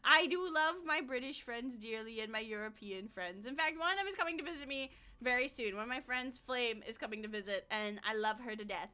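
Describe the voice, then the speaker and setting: A woman's voice: on the high side, lively intonation, a little fast, few pauses, bright, forceful tone, clean tone. A young American woman streaming a game and chatting casually, giggly and blunt, swearing freely. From United States. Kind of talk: casual gaming livestream chat.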